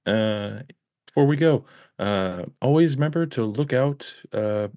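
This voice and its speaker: A man co-hosting a casual podcast chat, dropping joking deadpan asides. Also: medium pitch, a little slow, no echo, dull audio. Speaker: co-host.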